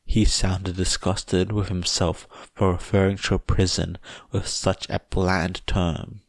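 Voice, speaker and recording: A man reading fan fiction aloud as a podfic narrator, in a measured, even way. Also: low voice, vocal fry, no echo. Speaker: podfic reader.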